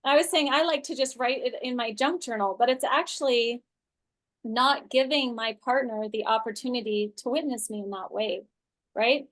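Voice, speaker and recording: A woman's voice: on the high side, normal speed, fairly bright tone. A woman leading an online coaching class for a group, talking loosely and casually, with lots of filler words and sentences she restarts partway through. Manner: loose and chatty, full of "like" and "um", restarts mid-sentence. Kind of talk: casual teaching talk to a group. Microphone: video call.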